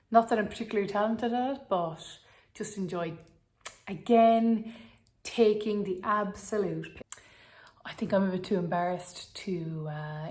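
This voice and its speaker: A woman's voice: lowish voice, a little mellow. Young Irish woman, casual chat vlogger, rambling and self-mocking. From Ireland.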